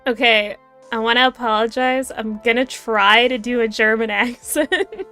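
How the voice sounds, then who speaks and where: A woman's voice: a little high, moderate pace, bright, forceful tone, soft background music. A woman streamer chatting casually and laughing as she apologizes in advance. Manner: giggly, apologetic. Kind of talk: casual chat on a game livestream.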